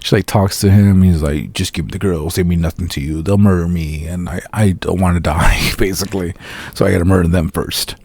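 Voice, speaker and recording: A man with a low, mellow voice talks through a film review in a loose, profane, sarcastic way. He keeps slipping into mocking impressions of the characters. The sound is dry and close. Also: steady tone, husky, no echo. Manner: profane, sarcastic, mimics characters in quick asides. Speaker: podcast host reviewing a film. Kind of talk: casual solo review.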